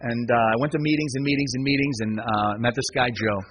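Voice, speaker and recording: A man's voice: mid-range voice, fast talker, fairly bright tone, slightly rough. A man speaking at a recovery gathering, telling his own story in a conversational way, repeating words and often asking "right?". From United States. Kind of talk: personal story talk. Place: speaking at a conference.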